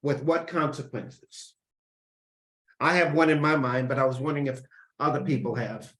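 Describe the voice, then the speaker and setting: A man's voice: mid-range voice, steady tone, moderate pace, fairly bright tone, reverberant. A man leading a church class discussion, prompting others with short questions. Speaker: class leader.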